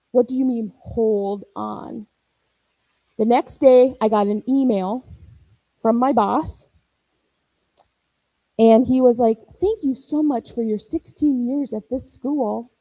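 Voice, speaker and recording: A woman in her forties delivers a church sermon in a high, mellow voice, drily recorded. She tells personal stories with animation, acting out the voices of the people she quotes. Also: no room sound, low-quality recording. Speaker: preacher.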